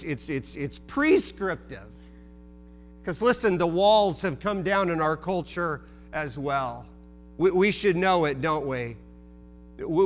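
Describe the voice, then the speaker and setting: Male pastor, high voice, emphatic sermon delivery with rhetorical questions, faint music underneath. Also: a bit bright.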